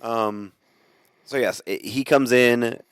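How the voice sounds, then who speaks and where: A man co-hosting a podcast, casually recapping a show with lots of fillers and animated retelling. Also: medium pitch, takes it slowly, smooth, no echo, studio quality. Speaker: podcast co-host. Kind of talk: casual review chat.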